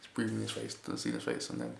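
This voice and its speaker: A man's voice: rumbling low, sing-song, very fast, gravelly. A man giving a casual, rambling spoken recap of a wrestling show. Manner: rambling, repeats "basically", chuckles often. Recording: echoey room with faint hiss.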